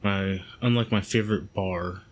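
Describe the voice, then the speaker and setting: A man hosting a game playthrough, reading in-game letters aloud in a calm, measured way with the occasional aside. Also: low-pitched. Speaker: gaming channel host.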